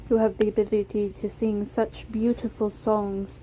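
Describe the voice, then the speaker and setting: A woman voicing a gentle, motherly female animatronic with a light British accent and a soft, tender way of talking. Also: mid-range voice, level tone, moderate pace, slight background noise, close to an everyday voice, low-quality recording. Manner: soft, tender, whispery at times.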